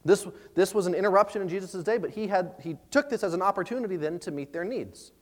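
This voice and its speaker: A man's voice: high-pitched, quick pace, long reverb tail. A man preaching a sermon as a pastor, speaking conversationally and often repeating words as he gathers his thoughts.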